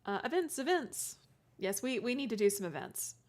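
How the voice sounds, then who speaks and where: A woman's voice: fairly high pitch, very animated, moderate pace. A woman streamer chatting casually with her live chat, giggly and self-deprecating, often restarting her words. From California.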